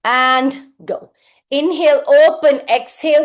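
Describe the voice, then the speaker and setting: Slow-counting woman fitness instructor, echoey room. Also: high-pitched, animated. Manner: counting reps with brief cues and praise. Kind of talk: live group workout instruction.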